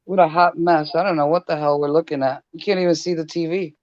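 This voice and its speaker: A woman's voice: low-pitched, fairly even intonation, fast talker. A woman hosting a casual group video chat, chatty and laughing as she fumbles with her settings. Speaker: stream host. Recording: dull lo-fi call audio.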